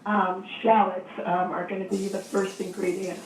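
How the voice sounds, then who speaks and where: Hoarse, gravelly woman chef on the phone. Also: medium pitch, level tone, normal speed, a crowd in the background. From Maine. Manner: explains steps warmly in detail, with ums. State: hoarse from a cold. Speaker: chef and cookbook author, guest on the phone. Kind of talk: casual instructional chat. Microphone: phone line. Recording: echoey, distant, faint noise.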